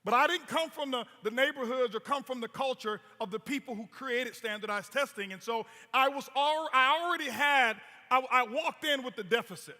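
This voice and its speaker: High-voiced emphatic man on stage. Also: moderate pace, hardly any pauses, bright, forceful tone. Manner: storytelling, emphatic, repeats words. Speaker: motivational speaker. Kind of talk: stage presentation. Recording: long hall reverb.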